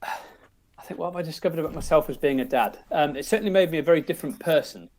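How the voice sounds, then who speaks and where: Rambling English dad, middle-aged. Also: male voice, on the high side, fast, a little mellow. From England. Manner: rambling, many restarts and "you know"s. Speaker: guest. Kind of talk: casual storytelling.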